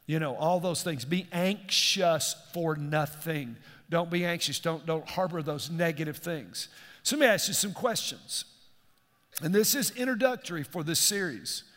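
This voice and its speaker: A middle-aged man preaches a sermon in a fairly high voice. He keeps asking his congregation questions as he speaks. His voice rings out with the long reverb of a large church hall. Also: fairly bright tone. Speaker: pastor.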